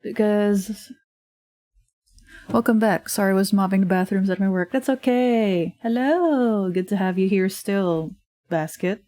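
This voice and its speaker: At her desk mic at home, a woman streamer and digital artist keeps up casual livestream chatter while drawing, rambling, full of fillers and laughing often. Her medium-pitched voice is unhurried with a dark tone, captured in a dry recording.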